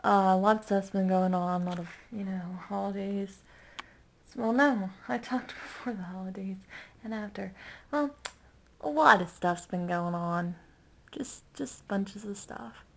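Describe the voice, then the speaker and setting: A woman vlogging in a casual, chatty way, excitable and rambling, giggling often and using many fillers. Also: mid-range voice, measured pace, vocal fry.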